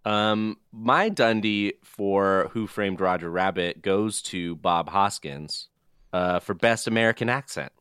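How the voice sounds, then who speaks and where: A man's voice: lowish voice, slow, fairly bright tone, smooth, no echo, studio quality. A man co-hosting a podcast, easygoing and casual, talking with many fillers. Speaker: podcast co-host. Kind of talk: casual chat.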